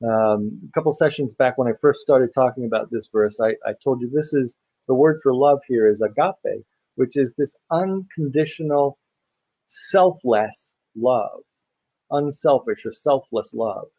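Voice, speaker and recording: A male pastor giving a conversational sermon-style Bible teaching, full of pauses and restarts. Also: medium pitch, dark tone, husky, no room sound, poor audio. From United States. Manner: conversational, many fillers and restarts.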